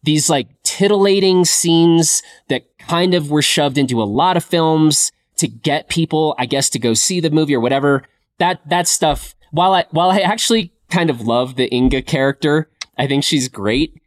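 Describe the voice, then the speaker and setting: A man co-hosting a podcast, leading a relaxed film chat and thinking aloud with fillers. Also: fairly high pitch, normal speed. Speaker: podcast co-host. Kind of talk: casual film discussion.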